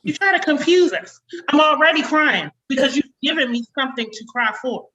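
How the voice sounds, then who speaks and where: A woman in her forties doing a chatty stand-up comedy set over a video call, slipping into sharp quotes of a stern mother. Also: high-pitched, a little fast, highs cut off, slight background noise. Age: 40s.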